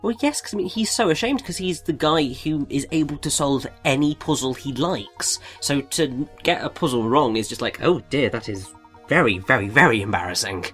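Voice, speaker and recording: A man's voice: medium pitch, expressive, normal speed, fairly bright tone, faint music behind. An English man chatting casually while commentating a puzzle game playthrough, explaining British references. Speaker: let's play commentator. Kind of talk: casual gaming chat.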